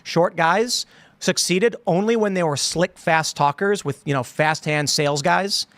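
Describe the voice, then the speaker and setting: A man's voice: a little high, unhurried, fairly bright tone, dry recording. Chatty man on a dry mic. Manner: rambling, acts out quotes in put-on voices. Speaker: podcast host. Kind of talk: casual political chat.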